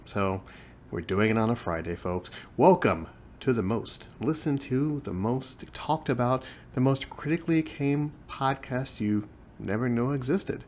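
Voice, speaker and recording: A man in his forties with a fairly low voice, hosting a podcast from his couch at home. He talks close to the microphone in a joking, self-mocking way, jumping from loud bursts to quiet asides. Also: animated, normal speed, slight background noise. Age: 40s. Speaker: podcast host. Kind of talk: casual comedic monologue. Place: living room at home, on a couch. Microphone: microphone close in front of his face.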